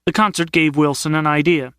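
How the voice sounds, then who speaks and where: A man narrating an audiobook in a measured, steady storytelling manner. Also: a little high, clean tone, dry recording, studio quality. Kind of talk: scripted narration.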